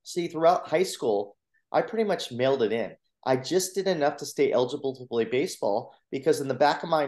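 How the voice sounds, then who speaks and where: A man, a motivational coach and speaker, earnestly telling his personal story in a podcast interview, with lively retellings of what people said. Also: medium pitch. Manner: earnest, animated retelling with acted quotes. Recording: roomy echo.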